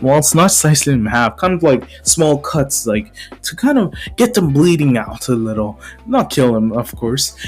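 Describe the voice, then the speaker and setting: A man casually retelling a fan story scene, rambling excitedly with frequent restarts. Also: on the high side.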